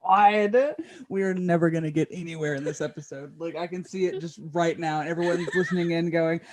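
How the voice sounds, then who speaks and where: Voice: medium pitch, fast, a little mellow, no echo. Wry teasing podcast co-host. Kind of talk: casual chat.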